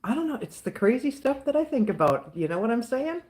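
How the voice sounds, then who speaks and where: A woman's voice: fairly high pitch, big pitch swings, a little fast, a little mellow. A woman with a Southern US accent chatting casually with her live viewers, outspoken and rambling, often repeating herself. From Southern United States. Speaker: livestream host answering chat.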